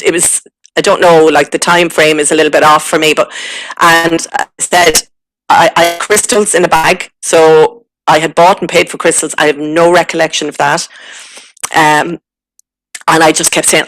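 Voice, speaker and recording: Halting, emotional Irish woman, dry sound. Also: sits low, fairly bright tone, no echo, low-quality recording. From Ireland. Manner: halting and emotional, many fillers and restarts. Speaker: guest recounting a spiritual experience. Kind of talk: personal testimony.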